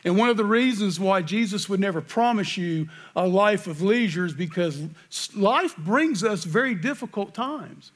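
A man's voice: sits high, animated, normal speed, few pauses. A man preaching a sermon, reading scripture aloud and asking earnest rhetorical questions. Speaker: pastor.

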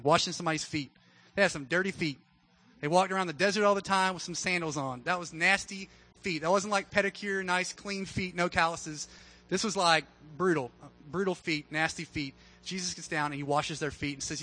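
A man delivers a sermon in a loose, conversational style, full of humor. His voice sits high and sounds bright. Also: steady tone, a little fast, low-quality recording. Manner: casual, conversational preaching with humor. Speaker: pastor.

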